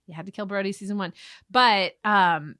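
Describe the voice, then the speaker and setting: A woman talks casually as a podcast guest. Her voice sits in a middle register, and she gushes with salty language and quick asides. The sound is dry and close. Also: medium pitch, pushed and bright, no room sound. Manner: enthusiastic and profane, with quick asides. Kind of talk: casual chat.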